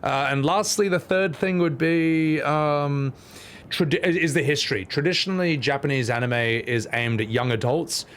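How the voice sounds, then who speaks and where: Blunt streamer ranting. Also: male voice, on the high side, normal speed, fairly bright tone, slight background noise. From Australia. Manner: blunt opinionated ranting with swearing. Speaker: game streamer. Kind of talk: casual gaming commentary. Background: game music.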